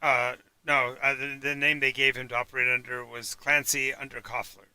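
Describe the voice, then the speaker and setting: A man narrating a tabletop game as game master, halting often with fillers and restarts. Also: mid-range voice, level tone, sharp tone, smooth, dry recording. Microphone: home mic for a live stream.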